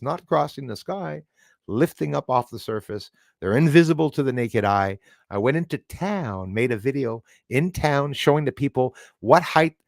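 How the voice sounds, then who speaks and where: A middle-aged man hosting a casual live stream, excitable, thanking viewers by name and swearing when angry. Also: medium pitch, gravelly, dry recording, studio quality.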